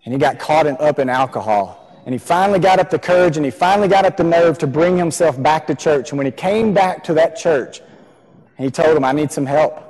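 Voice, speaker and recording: A man's voice: on the high side, a little fast, darkish tone. A man preaching a sermon in a church, earnest, repeating key phrases for emphasis. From Texas. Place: church sanctuary. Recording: long reverb of a church hall.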